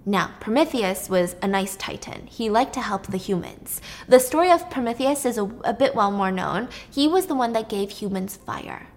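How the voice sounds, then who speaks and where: A woman's voice: mid-range voice, expressive, moderate pace, hardly any pauses, a little hiss or hum. A young woman retelling a myth to a friend in a chatty, blunt, laughing way. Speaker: podcast host.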